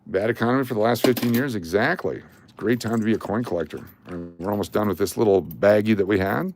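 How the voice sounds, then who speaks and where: A man's voice: fairly low pitch, fast talker, a little mellow, a little hiss or hum. An older man streaming live, chatting casually and joking while he sorts coins and calls out their dates. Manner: chatty and jokey, calling out coin dates and mint marks. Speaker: coin collecting live streamer.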